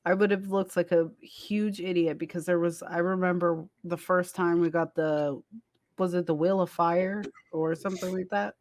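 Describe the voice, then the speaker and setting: A man's voice: high-pitched, steady tone, normal speed, dry recording. Dry, close-miked rambling guy. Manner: rambling, self-mocking storytelling with profanity. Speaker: podcast co-host. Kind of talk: casual comedic chat.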